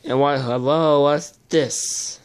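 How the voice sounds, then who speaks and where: A young adult talks slowly and unhurriedly through a pack-opening video, mumbling half to themself. Frustration keeps spilling out as swearing between remarks about each card. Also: mid-range voice, fairly even intonation, smooth. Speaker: video host opening trading card packs. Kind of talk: casual unboxing commentary.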